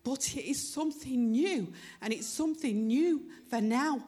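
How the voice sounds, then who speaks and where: A woman's voice: high-pitched, measured pace, hardly any pauses, mellow, slightly rough. A woman preaching a sermon in church, earnest and emotional, her voice rising with fervor as she urges the congregation. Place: church hall.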